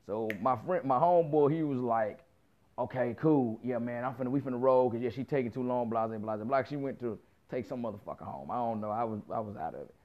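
A man's voice: mid-range voice, a little fast. A man in his thirties telling a story in a casual rant, heavy on slang, profanity and acted-out quotes. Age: 30s. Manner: profane, animated, lots of quoted dialogue and slang. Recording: muffled lo-fi recording.

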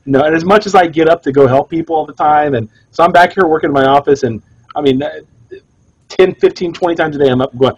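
Husky man in casual podcast banter. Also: fast, no echo, highs cut off. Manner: jokey storyteller, pitch jumps when quoting himself. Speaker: cigar shop owner and podcast co-host.

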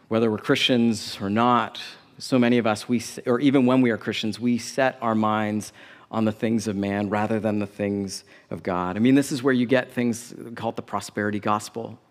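A man's voice: lowish voice, steady tone, normal speed. A man pastor preaching a sermon in a conversational way, with casual asides to the congregation. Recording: long reverb of a large hall.

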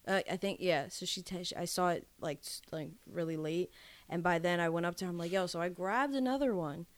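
A woman's voice: fairly low pitch, smooth, no echo. A young woman co-hosting a podcast, telling casual stories with swearing and acted-out quotes. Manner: animated storyteller, profane, acts out quotes. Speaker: podcast co-host. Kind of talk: casual chat.

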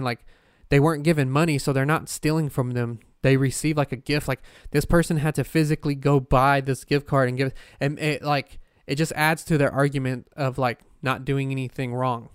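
A man's voice: medium pitch, clear, resonant tone, dry recording, clean studio sound. Rambling, foul-mouthed male podcaster. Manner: rambling, profane, frequent fillers and restarts. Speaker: podcast host. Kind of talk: casual solo podcast chat.

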